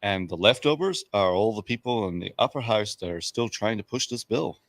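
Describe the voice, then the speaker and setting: A man's voice: fairly low pitch, expressive, brisk, no room sound. A man, a guest on a casual talk show, easygoing and a little rambling. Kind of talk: casual chat.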